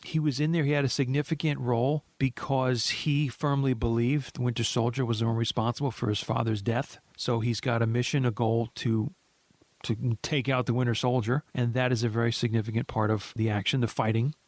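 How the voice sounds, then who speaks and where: Male podcast co-host, average pitch, dry close sound, measured and thoughtful. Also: little pitch movement, a little mellow, no room sound. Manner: measured, thoughtful, trails off into restarts. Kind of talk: casual movie discussion.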